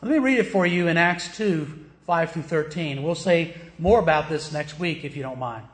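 A man's voice: on the high side, normal speed, roomy sound. A man from the American South with a Southern accent, preaching a sermon in a plain, emphatic teaching manner, asking the listeners questions. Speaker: pastor.

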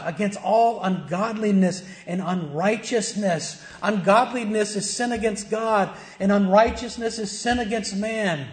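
In an echoey church room, a middle-aged male pastor preaches emphatically, firing off rhetorical questions and answering them himself. His voice is high and slightly mellow.

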